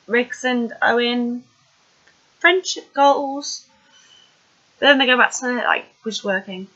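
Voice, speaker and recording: Bright-voiced chatty woman, lo-fi. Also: on the high side, takes it slowly. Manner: chatty and rambling, many fillers. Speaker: TV episode recapper. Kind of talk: casual video recap.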